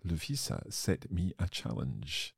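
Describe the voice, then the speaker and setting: A man's voice: sits low, sing-song, unhurried, gravelly, slightly rough, dry recording, clean studio sound. A man hosting a language lesson podcast, joking at his own expense while discussing phrases with a teacher. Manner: self-deprecating, joking. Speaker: podcast host learning Swedish.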